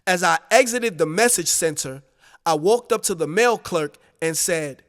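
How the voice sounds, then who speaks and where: Slow, high-voiced man narrating an audiobook. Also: expressive, a bit bright, in a large hall. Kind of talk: first-person audiobook narration.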